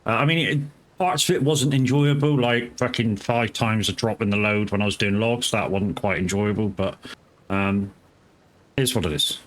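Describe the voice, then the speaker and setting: A man's voice: fairly low pitch, normal speed. Rambling man streaming a game. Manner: rambling, swears casually, greets chat viewers by name. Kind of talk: casual live gameplay commentary.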